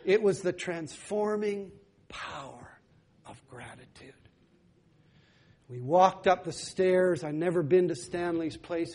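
Animated high-voiced man preaching a story. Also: breathy edge. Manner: animated, laughing storyteller who breaks into song. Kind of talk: sermon storytelling.

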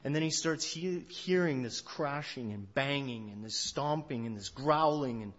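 A male pastor giving a sermon, telling a story in a conversational way that swings between loud and hushed. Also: mid-range voice, expressive, normal speed. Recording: dull lo-fi recording.

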